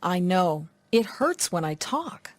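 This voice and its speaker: A woman reading lines of a scripted practice dialogue, plain and clear. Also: fairly low pitch, big pitch swings, slow, no room sound.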